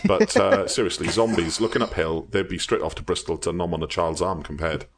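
A man from Wales with a deep, resonant voice, guesting on a podcast with crude jokes and lots of laughter. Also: lively intonation, a little fast. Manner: crude joking, laughs a lot. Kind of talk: casual podcast banter.

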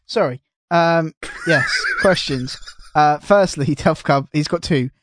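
Against a noisy background, a man with a higher-leaning voice co-hosts a casual podcast at a slow pace. He reads listener questions, stumbles over words with "th" sounds, and mocks himself along the way.

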